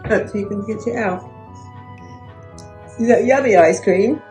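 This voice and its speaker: A woman's voice: mid-range voice, a little slow, warm tone, faint music behind. A mother playing with her toddler in cooing, encouraging baby talk. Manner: sing-song, cooing, encouraging.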